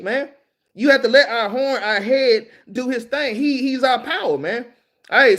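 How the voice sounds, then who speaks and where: Male preacher, Southern US accent, high-pitched, casual and punchy delivery. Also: fairly bright tone. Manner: casual and emphatic, peppered with "man" and "all right?". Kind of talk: street-style scripture teaching.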